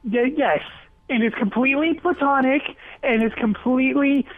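A woman calling in to a radio show, speaking earnestly and a little haltingly, with over-the-top devotion. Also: sits high, no room sound. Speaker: caller. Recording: tinny phone line, dry.

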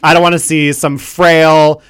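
A man's voice: a little high, little pitch movement, measured pace, a bit bright, clear, resonant tone, no echo, studio quality. A man hosting a comedic radio show, talking in a campy, flamboyant, rambling way. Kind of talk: comedic talk radio banter. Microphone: studio microphone.

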